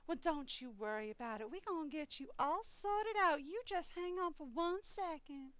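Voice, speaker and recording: A woman's voice: sits high, expressive, moderate pace, fairly bright tone, no echo, voice pushed up. A woman putting on a sweet, drawling Southern US belle accent as a consoling call-center agent. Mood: soothing.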